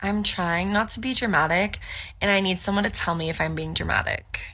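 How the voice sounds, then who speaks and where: Bright gravelly woman telling a dramatic story. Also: on the low side, a little fast. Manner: animated, incredulous, lots of fillers. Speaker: social media storyteller.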